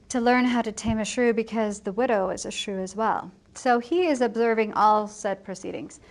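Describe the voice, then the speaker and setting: A woman teacher gives her students a chatty, casual plot summary in a school building at lunchtime. Her voice is a little high and fairly bright, and she corrects herself as she goes while lightly acting out the lines.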